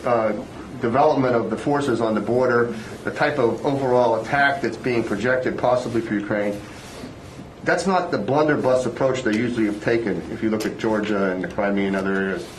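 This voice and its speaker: A man's voice: mid-range voice, fairly quick, slight background noise. Male reporter probing in echoey room. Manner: long, probing questions. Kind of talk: press briefing question.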